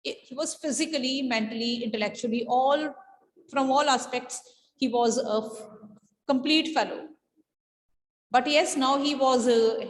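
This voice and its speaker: A woman's voice: fairly high pitch, a little hiss or hum. A woman teacher with an Indian English accent explains a literature lesson in a classroom. She talks in a searching way, full of fillers and rhetorical questions. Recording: echoey reverberant room.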